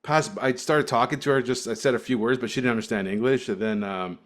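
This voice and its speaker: A man's voice: medium pitch, steady tone, fast. A man co-hosting a podcast, telling stories in casual chat with frequent laughter and restarts, from Cyprus. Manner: storytelling, laughs often, restarts. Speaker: podcast co-host.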